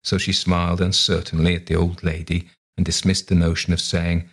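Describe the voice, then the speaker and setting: Guy reading a short story aloud, real low voice, husky, steady pace. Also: fairly quick. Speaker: narrator. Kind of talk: scripted narration of a short story.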